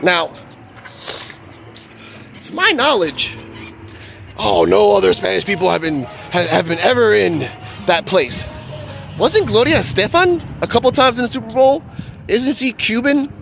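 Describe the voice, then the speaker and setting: A man's voice: high-pitched, big pitch swings, a little slow, vocal fry, long pauses, fairly bright tone, faint music behind. A man from Puerto Rico hosting a casual reaction vlog, blunt and fond of rhetorical questions. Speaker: reaction channel host.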